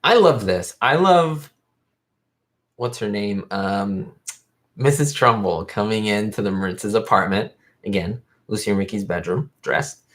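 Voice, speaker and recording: A man's voice: lowish voice, measured pace, fairly bright tone. A man hosting his own livestream, talking casually and a bit rambling, with plenty of fillers. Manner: rambling, fan-like, lots of fillers. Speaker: YouTube host.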